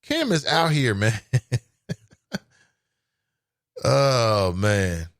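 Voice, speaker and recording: Recorded dry with clean studio sound, a lowish, sing-song male voice moves at an extremely slow pace. He hosts a call-in talk show with a Cincinnati, Ohio accent, chatting casually and reacting to listener comments with laughs and exclamations.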